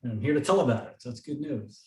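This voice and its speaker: Talking fast and expressively in a mid-range voice, a man co-hosting a podcast tells stories in a dry, matter-of-fact manner during casual chat. He sits some distance from the mic, so the sound is roomy.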